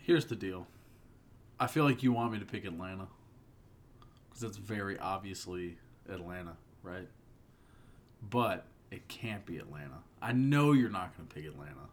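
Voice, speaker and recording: A man's voice: sits low, expressive, moderate pace, pauses often. A man co-hosting a casual podcast, talkative and prone to restarting his sentences. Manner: talkative, repeats himself when starting a thought. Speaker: podcast co-host. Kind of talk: casual chat.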